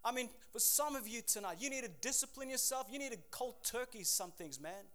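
A man with a high, light voice preaches a lively sermon. He shifts between calm teaching and fired-up exhortation, tossing out asides to his listeners. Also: a little fast. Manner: energetic preaching with call-and-response asides. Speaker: pastor.

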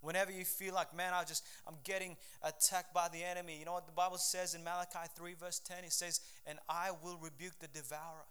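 A middle-aged pastor preaching a sermon in a fervent, conversational way, with frequent restarts. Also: male voice, high-pitched, level tone, a little fast, few pauses, pushed and bright, smooth.

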